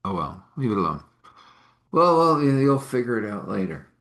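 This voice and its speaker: Here a spiritual healer leads a live meditation and storytelling session at a moderate pace, his medium-pitched voice sing-song and a touch bright. He's chatty and digressive, breaking into laughter and apologizing whenever he yawns.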